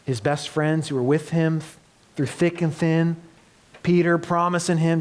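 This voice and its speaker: A man preaching a sermon as pastor, earnest, moving between loud emphatic passages and soft hushed ones. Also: a little high, level tone, measured pace. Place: church.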